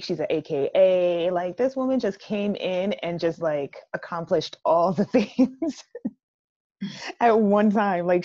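A young woman from Jamaica co-hosting a casual chat, talking in an animated, emphatic way with laughing asides. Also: lowish voice. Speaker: podcast co-host. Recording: dull lo-fi sound.

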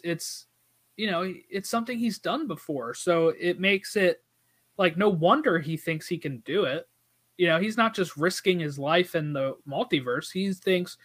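Brief: man, high voice, casual film chat, animated, does the character lines. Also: measured pace. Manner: animated, acts out quoted dialogue. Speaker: podcast co-host. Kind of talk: casual movie discussion.

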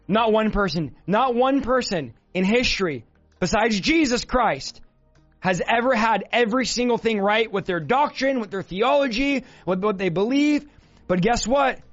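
A male preacher delivering a fervent sermon, often shouting. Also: high-pitched. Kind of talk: fiery sermon. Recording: dull lo-fi sound with faint music.

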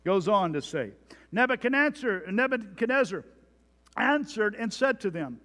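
Pastor, male, high voice, emphatic sermon delivery, long church reverb. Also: sing-song, normal speed, bright, forceful tone. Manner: emphatic preaching, dramatic readings of scripture.

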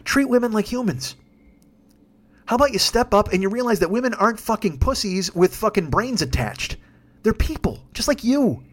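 A podcast host in his fifties rants alone, swearing heavily throughout his solo monologue. His voice is high and animated, moving at a normal speed.

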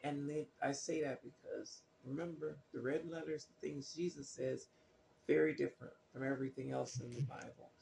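Man, gravelly tone, skeptical, questioning, casual Bible commentary, hesitant fillers. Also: fairly high pitch, fairly even intonation, normal speed, darkish tone, reverberant, a little hiss or hum. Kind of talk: casual spoken commentary on scripture.

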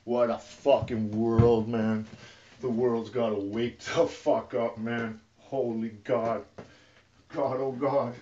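Brief: agitated man, heavy swearing, sudden shifts from mumbling to shouting, dull lo-fi sound. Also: mid-range voice, little pitch movement, takes it slowly, a little hiss or hum. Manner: profane and agitated, swinging from muttering to yelling. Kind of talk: rambling emotional rant to camera. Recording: distant, dull lo-fi recording.

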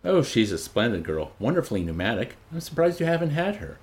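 A man's voice: medium pitch, very animated, brisk, a little mellow. A man reading an audiobook voices a smug, crude young man in an offhand, boastful tone.

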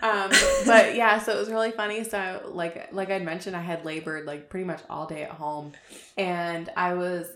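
A woman's voice: fairly low pitch, steady tone, normal speed, echoey room, heavy background noise. A young woman telling her birth story in a casual chat, talking in a rambling way with many fillers and frequent laughter. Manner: chatty, lots of fillers, laughs often. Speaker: podcast co-host sharing her birth story.

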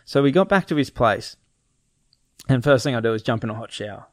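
A man's voice: medium pitch, animated, fairly quick, dry recording, clean studio sound. A young man casually telling a story, acting out his friends' lines and laughing often.

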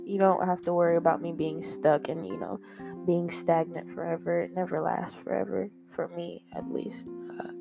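This podcast host, a young woman, has a fairly low-pitched voice with vocal fry. She delivers a rambling, candid confessional monologue into a microphone, using many fillers and swearing occasionally. Faint guitar music plays under the dull lo-fi recording.

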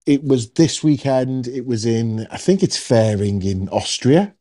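A man's voice: medium pitch, animated, measured pace, dark tone. A man hosting a podcast, chatting casually and jokily with plenty of ums. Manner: chatty, jokey, lots of ums. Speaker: podcast host. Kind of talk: casual chat.

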